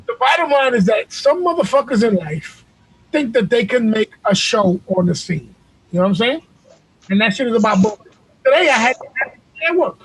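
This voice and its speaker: Host, male, very high husky voice, profane and boisterous, video call. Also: sing-song, fairly quick, no echo, rough recording. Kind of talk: casual chat on a video call.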